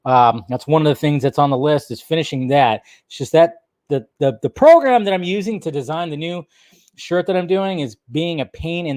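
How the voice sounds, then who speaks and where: A man's voice: medium pitch, darkish tone, no echo, studio quality. A man hosting a film news live stream, chatting casually and rambling as he reads out viewer comments, with loose, profane talk.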